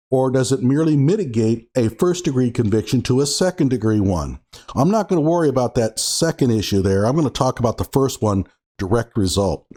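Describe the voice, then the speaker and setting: A man's voice: mid-range voice, darkish tone. A man hosting his own show, giving sarcastic commentary on a court ruling and reading passages out with heavy emphasis. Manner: sarcastic, reads documents aloud with emphasis. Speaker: show host.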